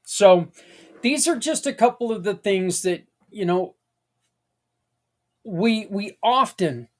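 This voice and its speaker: With a high, expressive voice and a darkish tone, this middle-aged man hosts a podcast at a slow pace. He chats in a casual, folksy manner, rambling with asides.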